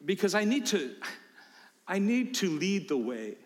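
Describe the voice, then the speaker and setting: High-voiced emphatic preacher in a reverberant hall. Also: male voice, sing-song, a little slow. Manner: emphatic, swinging from low asides to loud preaching. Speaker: pastor. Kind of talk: sermon.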